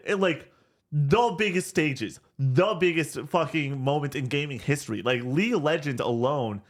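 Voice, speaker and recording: A man's voice: a little high, moderate pace. Guy cohosting a gaming podcast, gets hyped, trips over words, swears a lot. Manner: animated, excitable, swears, many restarts. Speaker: podcast co-host. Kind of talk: casual gaming chat.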